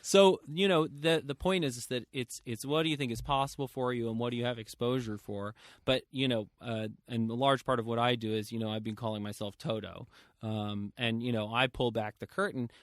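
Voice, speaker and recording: A man in his thirties hosting a podcast, talking in a loose, animated way with lots of fillers and quoted asides. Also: medium pitch, dry recording. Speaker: podcast host. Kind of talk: casual interview chat.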